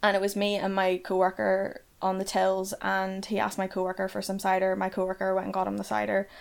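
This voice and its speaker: A woman's voice: medium pitch, monotone, fairly quick, creaky. A young woman with a Northern Irish accent, casually telling stories, swearing freely and peppering her speech with "like".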